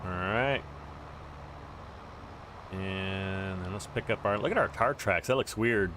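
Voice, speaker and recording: A man's voice: low-pitched, slow pace, pushed and bright, slight background noise. A man hosting a casual gameplay livestream, chatting to viewers and greeting them by name as he plays. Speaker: livestream host.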